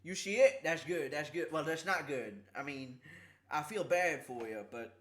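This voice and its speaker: A man streaming casually, talking haltingly with a slight lisp from a sore tongue, repeating words and struggling with S sounds. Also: on the high side, a bit bright. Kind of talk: casual livestream chat.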